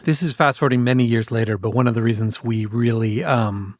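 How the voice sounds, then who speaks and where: Man in his forties, casual podcast co-host, rambling and self-mocking, medium pitch, dry close sound. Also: steady tone, a little fast, no room sound. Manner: rambling, self-deprecating, laughs often. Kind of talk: casual chat.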